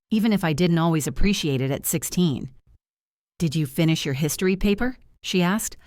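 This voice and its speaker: A woman with a slightly low voice reads a first-person drama story aloud, earnest and gripping. The recording is dry and close, with no room sound at all. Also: a little mellow, dry recording. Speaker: narrator.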